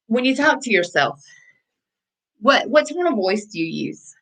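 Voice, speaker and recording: A woman's voice: fairly high pitch, sing-song, unhurried, creaky, a bit bright, low-quality recording. Woman life coach, repetitive conversational delivery. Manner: conversational, repeats phrases for emphasis. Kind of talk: motivational coaching talk.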